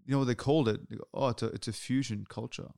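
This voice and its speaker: A man's voice: mid-range voice, steady tone, fast, creaky, a little mellow, dry recording, clean studio sound. A man hosting a podcast, talking earnestly in a casual chat, repeating and restarting his words often. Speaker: podcast host.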